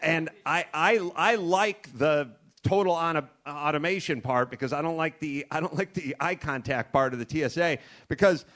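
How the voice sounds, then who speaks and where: A middle-aged American man hosting a comedy show, telling rambling, profane stories with animated asides into a studio mic. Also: fairly high pitch, normal speed. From United States. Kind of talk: comedic storytelling. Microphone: studio mic with cord.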